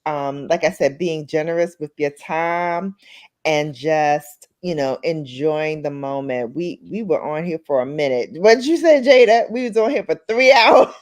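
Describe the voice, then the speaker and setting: A woman with a slightly low voice hosts a casual live stream. She gushes over her guests and talks in a chatty, effusive way. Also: a little slow. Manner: warm, effusive, thanks guests often. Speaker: host.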